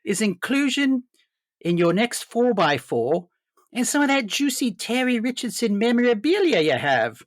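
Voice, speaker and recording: A man's voice: very animated, normal speed, no echo, studio quality. A man putting on a greedy New Zealand director. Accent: New Zealand, exaggerated. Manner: exaggerated, mocking impression with a high lilting voice. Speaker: podcast cohost doing an impression.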